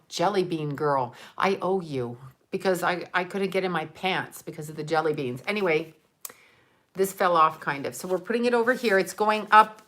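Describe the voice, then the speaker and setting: A woman's voice: fairly low pitch, animated, moderate pace, a bit bright. A middle-aged woman chatting casually to her viewers, rambling with many fillers as she shows and thanks them for gifts. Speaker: vlogger opening gifts for viewers. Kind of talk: casual chat to camera.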